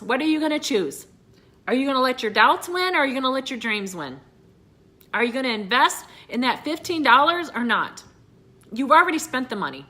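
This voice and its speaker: A middle-aged woman in direct sales, her voice a little high and sharp, delivers a heartfelt pep talk to her team. She repeats phrases, speaks to viewers as "you guys," and is occasionally teary-eyed.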